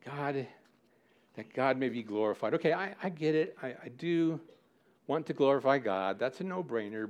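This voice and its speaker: Animated male preacher mid-sermon. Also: mid-range voice, normal speed, muffled recording. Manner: animated, plays out listeners' objections with mock indignation; explanatory, repeats key words for emphasis. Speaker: pastor.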